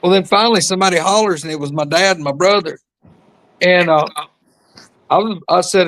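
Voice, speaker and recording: A man's voice: a little high, fairly quick, a bit bright, no echo. A man telling a long rambling story in casual chat, addressing listeners as y'all. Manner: drawling rural storyteller, calls listeners y'all. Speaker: podcast host.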